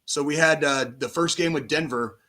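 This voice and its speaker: A man in his forties, a podcast co-host, talking football in casual chat, profane and animated, on a call mic. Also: on the high side, moderate pace. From United States. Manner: profane, animated sports ranting.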